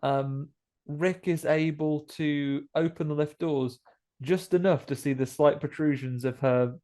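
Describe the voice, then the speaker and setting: A man's voice: a little high, steady tone, a little slow, dark tone. A man, co-hosting a podcast and chatting jokily through a horror film recap. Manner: chatty, jokey, acts out quoted lines. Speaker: podcast co-host. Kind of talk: casual film recap chat.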